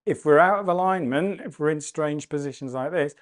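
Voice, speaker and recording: A man leading a guided breathing and mobility class, cueing calmly and gently, often slowing down and repeating phrases. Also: a little high. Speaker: movement and breathwork instructor. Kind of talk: guided exercise class instruction.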